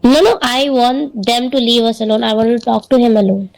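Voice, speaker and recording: A woman's voice: fairly high pitch, steady tone, fairly quick, gravelly, darkish tone, faint music behind, poor audio. A woman playing in a tabletop game, asking questions directly and insistently. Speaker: player.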